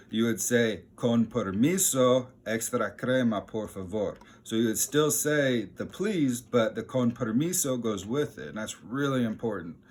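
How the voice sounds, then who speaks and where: A man giving a casual, chatty lesson as a teacher, self-deprecating and relaxed, with a lively lift when he quotes the phrases he teaches. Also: on the low side.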